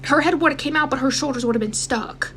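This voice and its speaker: A young woman telling a personal story in a casual, animated way, speaking straight to her viewers and acting out what people said. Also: sits high, fast, a little hiss or hum. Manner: animated, addresses viewers directly, acts out quotes.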